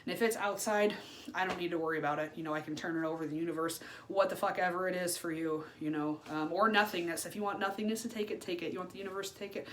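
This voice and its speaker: A woman in her thirties talks candidly to camera in a personal vlog. Her voice sits on the lower side and the talk is loose and unfiltered, full of swearing and fillers. A faint hiss runs underneath. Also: steady tone, fast talker. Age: 30s. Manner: frank and unfiltered, swears freely, many fillers. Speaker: vlogger.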